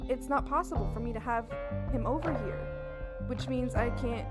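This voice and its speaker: A woman's voice: a little high, normal speed, loud music behind the voice. A young woman streaming her art at home, chatting casually while she draws, bubbly and breaking into squealed exclamations. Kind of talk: casual chat while drawing. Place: home apartment.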